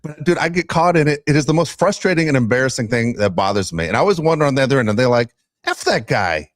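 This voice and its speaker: A man's voice: medium pitch, racing, no room sound, clean studio sound. A middle-aged man hosting a casual sports podcast, telling stories and ranting with frequent laughs. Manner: animated storyteller, ranting, laughs often. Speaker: podcast host.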